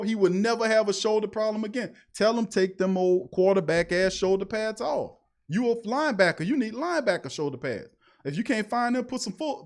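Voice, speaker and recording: A man runs a live sports talk stream, reading out viewer chats. His voice sits high for a man, and he rants in a fired-up, preachy way, repeating his points over and over. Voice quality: animated, preachy ranting with repetitions. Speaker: sports talk show host.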